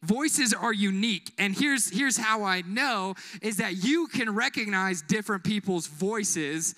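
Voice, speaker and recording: A young man delivers an energetic youth sermon inside a church. His voice sits high and sounds bright. He keeps the crowd involved with jokes, quick put-on voices and repeated calls for an amen. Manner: call-and-response, joking, acts out quick voices. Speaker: youth pastor. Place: church building.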